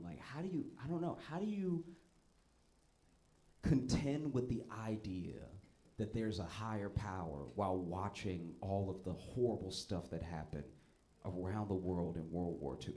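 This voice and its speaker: A man doing a stand-up comedy set, telling stories with a laugh in his voice and breaking into loud, high punchlines. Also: normal speed. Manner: animated storytelling, often laughing, jumps to loud high punchlines.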